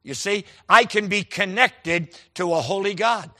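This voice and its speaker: High bright guy preaching, folksy stories, spells out words for emphasis. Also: a little slow. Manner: folksy storytelling with quoted dialogue. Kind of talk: sermon with personal stories.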